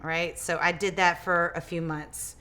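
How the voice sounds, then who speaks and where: A woman guest in a casual interview, telling her story in a lively way, acting out quoted dialogue and often restarting her words. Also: on the low side, a little slow. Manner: animated, acts out quoted dialogue. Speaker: interview guest, business owner.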